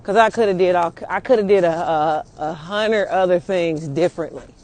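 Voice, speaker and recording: A woman's voice: fairly low pitch, normal speed, a little mellow. A young woman venting casually and angrily on a phone livestream outdoors, swearing often and rambling with many fillers.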